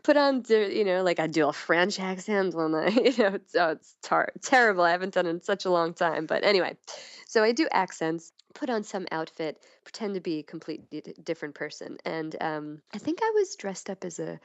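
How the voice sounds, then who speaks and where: A woman's voice: on the low side, expressive, brisk, no echo, dull audio. A woman guest in a casual podcast chat, talking candidly and playfully, with frequent laughs and restarts.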